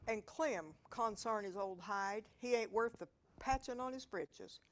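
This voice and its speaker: A woman voicing a gossipy old hill-country woman who scolds her husband, in an Ozark dialect and a loud, emphatic folksy manner. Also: mid-range voice, a little slow, close to an everyday voice. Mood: complaining. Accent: Ozark hillbilly dialect.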